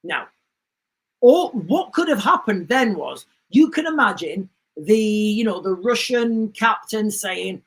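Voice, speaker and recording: A man's voice: high-pitched, slow pace. Male livestream host, chatty, rambling, reads out comments. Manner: rambling, restarts often, animated asides. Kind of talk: casual livestream chat reading comments.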